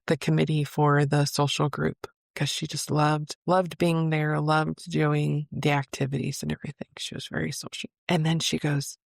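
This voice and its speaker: A woman's voice: low-pitched, vocal fry, no room sound, studio quality. A middle-aged woman, a psychic medium, telling a personal story in a chatty, emotional way. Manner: emotional, chatty, lively retelling with quoted voices.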